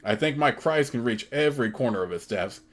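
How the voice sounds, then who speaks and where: Man reads an earnest, pleading male pilgrim leader from a video game, zealous and sure of himself, mid-range pitch. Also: lively intonation, fairly quick, slight background noise, natural voice. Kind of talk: reading a video game's dialogue aloud.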